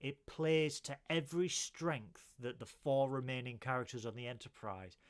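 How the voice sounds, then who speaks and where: A young adult man co-hosting a podcast in casual chat, talking with animated swings and quick mimicking asides. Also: mid-range voice. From half Irish, half Scottish. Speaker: podcast co-host.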